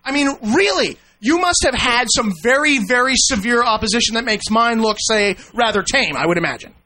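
A high, bright-voiced man hosts a radio talk show with brash, profane sarcasm. He cuts in on his guest and jeers at him. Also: lively intonation, fairly quick. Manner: profane, mocking, talks over the guest. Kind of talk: combative radio interview.

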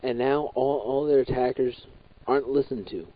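A man's voice: mid-range voice, moderate pace. A young man delivering a heated, profane, repetitive rant. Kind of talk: ranting monologue. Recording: dull lo-fi recording.

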